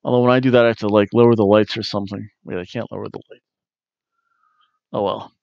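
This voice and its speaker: A man's voice: on the low side, steady tone, fast talker, gravelly, dry recording, dull audio. A man hosting a wrestling review, chatting casually in a jokey way with frequent ums. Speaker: wrestling review podcast host.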